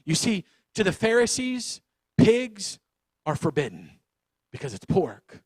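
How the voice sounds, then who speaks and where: Animated high-voiced youth pastor. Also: male voice, a little slow, breathy edge, dry recording. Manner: animated, acts out voices of the story. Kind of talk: youth sermon.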